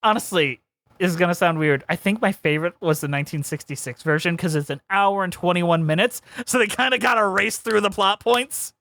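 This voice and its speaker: A woman co-hosting a podcast in casual chat, animated and opinionated, with quick asides and laughs. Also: on the low side. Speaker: podcast co-host.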